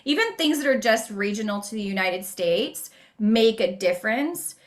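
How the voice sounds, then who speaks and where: A woman voice actor talking casually as an interview guest, chatty with frequent laughs and quick asides. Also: medium pitch, animated.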